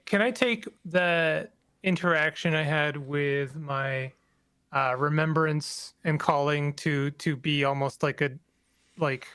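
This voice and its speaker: A man playing in a tabletop game, thinking aloud in a halting way with many restarts. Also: on the high side, sharp tone, clear, resonant tone. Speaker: player. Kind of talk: casual tabletop play.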